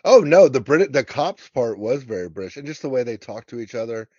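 An American man chats about a film in a loose, rambling way, full of fillers and restarts. His voice has a middle pitch. The recording is dull and dry, with no room around it. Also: expressive, brisk, a little mellow, breathy edge, no room sound. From United States. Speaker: podcast co-host. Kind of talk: casual film discussion.

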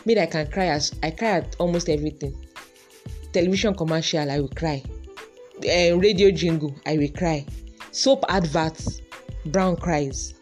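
A woman's voice: low voice, moderate pace, a little mellow, faint music behind. A woman with a Nigerian accent hosting a casual podcast monologue, chatty and musing aloud, dropping in Yoruba and pidgin words. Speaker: podcast host.

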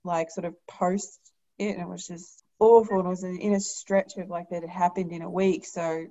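Low-voiced frank woman, lo-fi audio. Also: fairly even intonation, moderate pace, warm tone. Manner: frank, hesitant, many fillers. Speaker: midwife and podcast guest. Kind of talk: casual chat.

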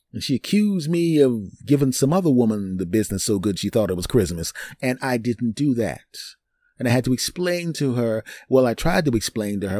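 Male podcast host, lively voice, dry close sound, rambling comic storyteller. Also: mid-range voice, no room sound. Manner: animated, digressive, jokey. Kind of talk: storytelling monologue.

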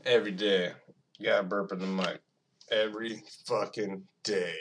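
A man's voice: lowish voice, fairly even intonation, moderate pace, fairly bright tone, a little hiss or hum. A man hosting his own podcast, rambling alone in a profane, self-mocking casual monologue. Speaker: podcast host.

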